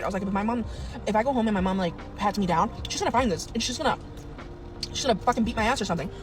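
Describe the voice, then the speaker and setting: A woman spilling a juicy story in casual storytime fashion. She talks fast and swears a lot, lively and loose. Her pitch sits right in the middle. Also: low-quality recording. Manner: animated, profane, swears often.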